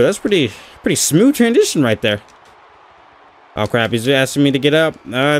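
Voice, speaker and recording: A young man giving excitable live commentary over a wrestling video game, cheering and groaning at every move. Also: fairly high pitch. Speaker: gaming channel host.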